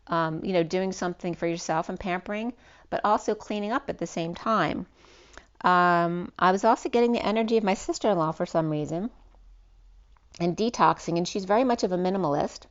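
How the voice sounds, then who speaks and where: In a brisk, fairly low voice, a woman leads a spiritual tarot reading for her channel, rambling and often starting her words over with ums in between. The highs in the audio are cut off.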